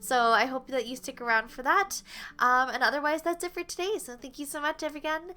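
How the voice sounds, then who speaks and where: Bright-voiced woman teaching flute. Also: high-pitched, a little fast. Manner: patient, explains step by step, counts beats aloud. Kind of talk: online music lesson.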